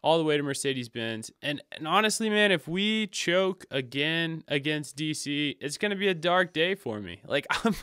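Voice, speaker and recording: A young man co-hosts a casual sports podcast, talking in an excitable, rambling way and often restarting his sentences. His voice is bright and crisp, sitting a little high for a man, and it sounds close and dry, with no room around it. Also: normal speed, hardly any pauses, no room sound. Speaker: podcast co-host.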